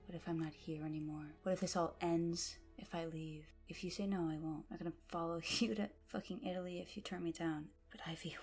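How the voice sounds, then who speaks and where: A woman's voice: fairly low pitch, darkish tone, close to an everyday voice. A woman voicing a troubled teenage boy, an ex-boyfriend pleading to get back together.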